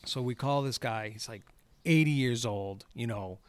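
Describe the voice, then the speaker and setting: A man's voice: mid-range voice, normal speed, clean tone, dry recording. A man who works as a golf course superintendent, telling rambling stories in casual chat, swearing and laughing often.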